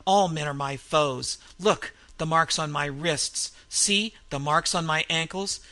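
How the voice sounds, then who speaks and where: A man's voice: a little slow, pushed and bright, full character voice. Man playing a roaring, mad old innkeeper. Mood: raving. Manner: roaring, wild laughter, raised pitch. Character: insane vengeful male innkeeper, roaring.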